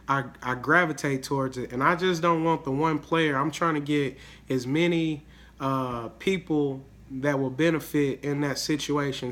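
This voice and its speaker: A man's voice: a little high, a bit bright. A young man, a little sick, hosting a fantasy sports video in casual, hyped talk, full of slang and repeated words. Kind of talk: casual solo video commentary.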